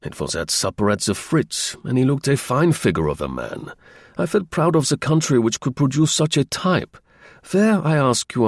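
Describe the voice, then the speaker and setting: A male audiobook narrator with a mid-pitched, husky voice, reading a first-person novel in a measured, slightly arch way. the recording is dry and close, with no room sound. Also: no room sound. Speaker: audiobook reader.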